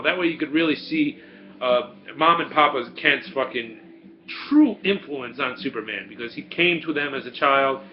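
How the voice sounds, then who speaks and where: A man's voice: medium pitch, lo-fi sound. A man in his forties, casually telling a profane story and answering viewer questions as host, laughing often. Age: 40s. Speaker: video Q&A host.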